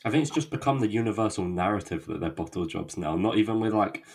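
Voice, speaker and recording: A man giving measured, reflective points in a casual football podcast debate. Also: on the low side, lively intonation, darkish tone, husky. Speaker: podcast panelist.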